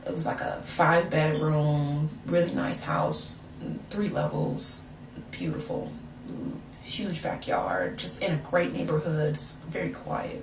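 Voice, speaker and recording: A woman's voice: sits low, a little slow. A young woman vlogger telling a story in a casual, chatty way with sassy asides. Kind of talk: storytime vlog. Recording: echoey room, far from mic, noisy.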